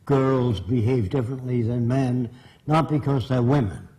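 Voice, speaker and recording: A man lecturing an audience with a mellow, darker tone. He speaks bluntly and emphatically, driving each point home. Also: mid-range voice, measured pace, rough recording. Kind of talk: public lecture.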